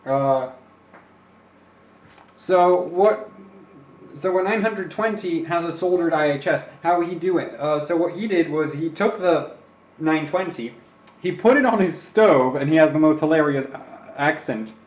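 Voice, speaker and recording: This young man from the Czech Republic talks unhurriedly in a slightly high voice with a darkish tone. Running an overclocking stream, he rambles in casual commentary and pokes fun at himself, all over roomy, somewhat dull audio.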